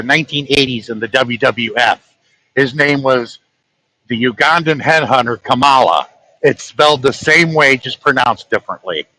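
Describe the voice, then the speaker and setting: A man's voice: medium pitch, pushed and bright, dry recording, rough recording. A man, a truck-driving vlogger, telling a story in a rambling, chatty way and chuckling at his own tales. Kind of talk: casual storytelling.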